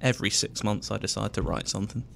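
A man's voice: lowish voice, fast, creaky, fairly bright tone, slight background noise. A man with a London accent, a guest on a podcast, sounding tired and laid-back. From England. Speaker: podcast guest, video producer. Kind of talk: casual podcast chat.

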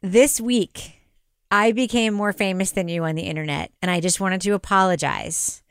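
A woman's voice: mid-range voice, moderate pace, a bit bright, clear, resonant tone, no room sound. A woman in her forties co-hosting a podcast, chatting casually, laughing often and telling stories with animation. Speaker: podcast co-host.

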